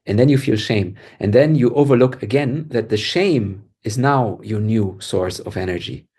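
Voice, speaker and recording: A man's voice: on the low side, lively intonation, moderate pace, few pauses, a little mellow, husky. A man co-hosting a podcast, talking intensely and emphatically and swearing freely in casual discussion. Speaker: podcast co-host.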